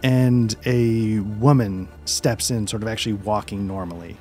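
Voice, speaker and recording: A man running a tabletop role-playing game as game master, calmly describing scenes with frequent fillers. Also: lowish voice, a little slow, soft background music. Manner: calm descriptive narration with many fillers.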